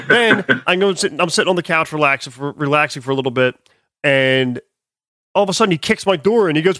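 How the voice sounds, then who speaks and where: A man's voice: fairly high pitch, expressive, quick pace, fairly bright tone, dry recording, clean studio sound. A young man co-hosting a casual chat, rambling and joking as he tells stories and swears freely. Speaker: podcast co-host.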